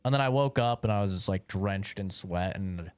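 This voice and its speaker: A young man livestreams a long story told in a casual, rambling way, swearing often and filling gaps with "like" and "bro." His deep voice is a little mellow and smooth at a moderate pace, in a dry recording.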